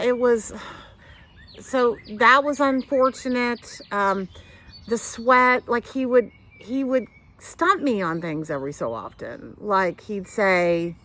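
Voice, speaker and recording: A woman's voice: medium pitch, a little hiss or hum. A middle-aged woman hosting a knitting podcast, chatting casually to camera at home, rambling through tangents and fillers and talking with her hands. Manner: animated, talks with her hands. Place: home couch.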